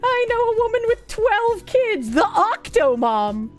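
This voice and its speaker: A woman's voice: very high-pitched, sing-song, unhurried, faint music behind. Bawdy, joking young woman streamer. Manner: bawdy, joking, laughs often. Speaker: streamer reading chat. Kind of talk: casual livestream chat.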